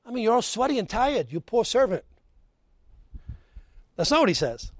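A male pastor preaching a sermon and leading a closing prayer and altar call, swinging between loud emphasis and hushed tones, with folksy asides between scripture readings. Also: very high-pitched, big pitch swings, normal speed, no echo.

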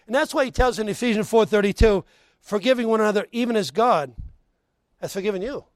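Between scripture readings, a fast-talking preacher with a high voice offers folksy asides, his delivery rising to loud emphasis and dropping to a hush. He wraps up with a prayer and altar call, captured with no echo.

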